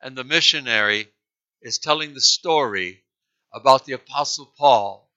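A man telling a missionary story as part of a sermon, earnest and full of halting restarts. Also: mid-range voice, sharp tone, lo-fi sound. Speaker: preacher.

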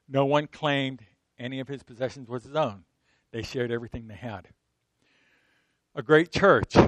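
A middle-aged man preaching a sermon in a conversational way, swinging from loud emphatic bursts to soft asides and asking his listeners frequent rhetorical questions. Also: medium pitch, no room sound. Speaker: pastor.

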